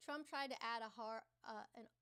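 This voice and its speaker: A woman's voice: a little high, normal speed, bright, forceful tone, smooth. A woman hosting a casual livestream, chatting and teasing her viewers, answering chat aloud and swearing casually. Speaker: livestream host.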